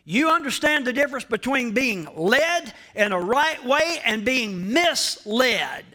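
A man preaching a sermon as pastor, slow and emphatic, repeating key phrases and speaking straight to the congregation. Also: very high voice, animated, pushed and bright. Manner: addresses the congregation directly.

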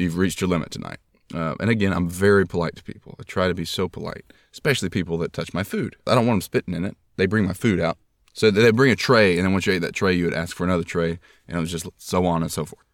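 Male podcast host, deep voice, self-deprecating storyteller, dry close mic. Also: dry recording. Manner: rambling, self-deprecating, jokey.

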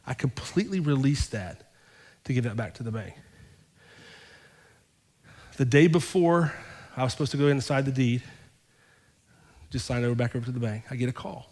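A man's voice: mid-range voice, normal speed, pauses often. Man, pastor, sermon, storytelling with acted-out dialogue, rising fervor, long hall reverb. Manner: storytelling, acting out both sides of conversations; builds to loud, fervent preaching.

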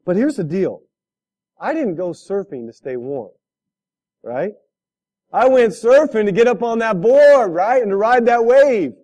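A man's voice: sits high, very animated, unhurried, darkish tone. A man preaching a sermon, telling a story with laughs and asking the listeners direct questions. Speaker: pastor.

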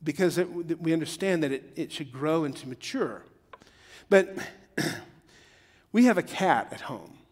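A man's voice: on the high side, animated, a little slow, pauses often, a little mellow, big-room sound. A middle-aged man preaching a sermon in a joking, conversational way that builds to emphatic peaks. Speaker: pastor.

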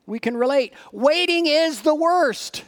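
A pastor preaching to his congregation in a strikingly high voice. He reads scripture with earnest, dramatic pauses and draws listeners in with direct rhetorical questions. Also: expressive. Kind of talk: sermon.

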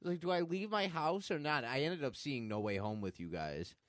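A man's voice: a little high, lively intonation, normal speed, no room sound, clean studio sound. Man telling a rambling story. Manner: storytelling, swears casually. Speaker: podcast co-host. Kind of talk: casual chat.

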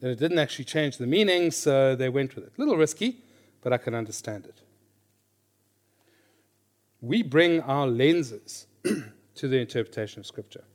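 A middle-aged man teaching a class on reading scripture. He is lively, questions his listeners, and repeats his key phrases. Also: medium pitch, normal speed, pauses often. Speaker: Bible teacher.

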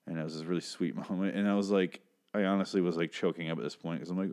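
Man, recap host, very deep voice, rambling chatty talk, casual swearing. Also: fairly even intonation, fast, darkish tone.

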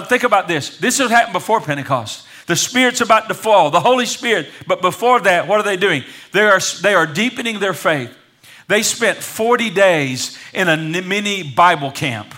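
A man preaching a sermon to a congregation, calling for responses and building to loud peaks. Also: sits high. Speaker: pastor. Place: church sanctuary.

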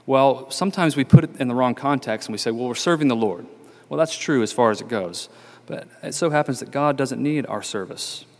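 Male preacher, mid-pitched, earnest and measured, church reverb. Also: gravelly. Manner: earnest, measured, repeats key phrases for emphasis. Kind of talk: sermon. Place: church sanctuary.

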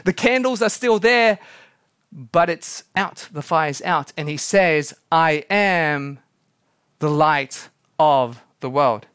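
A man preaching a sermon as pastor, dramatic, acting out quotes and slowing down for emphasis. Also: on the high side, a bit bright, clean tone, dry recording, clean studio sound.

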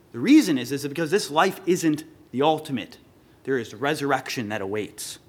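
A man's voice: fairly high pitch, husky. A man preaching an earnest sermon, rising with emphasis when he quotes scripture. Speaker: pastor.

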